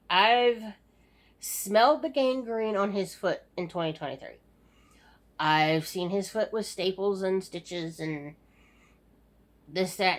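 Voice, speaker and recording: This is a middle-aged woman recording a casual personal update at home late at night. She sounds weary and sighs often, rambling and restarting as she talks. Her voice sits at a middle pitch. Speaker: vlogger.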